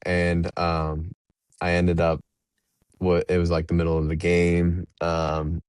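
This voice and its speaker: A young man with a low, deep voice tells loose, rambling stories as a podcast guest, laughing now and then between anecdotes. The sound is dry and close, with no room echo behind him. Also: monotone, slow pace, darkish tone, clean tone. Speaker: professional baseball pitcher, podcast guest. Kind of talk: casual interview storytelling.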